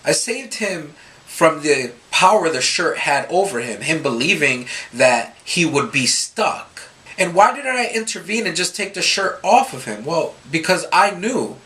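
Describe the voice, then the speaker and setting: A man giving a Scripture reflection for a youth ministry, telling stories animatedly and acting out the people he quotes. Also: on the high side. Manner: animated storytelling, quoting others in voices.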